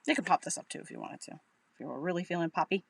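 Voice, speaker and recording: Woman, Boston accent, slightly low voice, chatty craft demo, upbeat. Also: quick pace, vocal fry, very noisy. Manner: chatty and upbeat, thinking aloud with fillers. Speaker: craft demonstrator. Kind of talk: casual live crafting tutorial.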